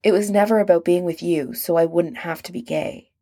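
A woman voicing a quiet, hesitant young man full of guilt, murmuring his lines. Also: lowish voice, a little fast, no echo, studio quality. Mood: subdued.

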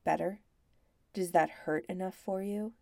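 Woman doing a gruff, stern man. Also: lowish voice, steady tone, a little slow, a little mellow, no echo, clean studio sound. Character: stern older man, gruff but caring.

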